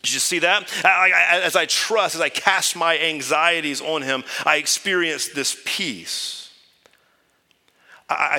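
In a church sanctuary, a male pastor with a medium-pitched voice preaches a conversational, earnest sermon. He shifts between loud emphasis and hushed, near-whispered lines, and his voice echoes as if in a large hall.

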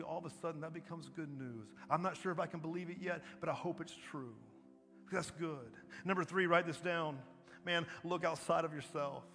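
Man preaching, fairly high voice, long reverb, faint music underneath. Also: fairly bright tone. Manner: emphatic, repetitive preaching with rhetorical "right?". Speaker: pastor. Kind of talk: sermon.

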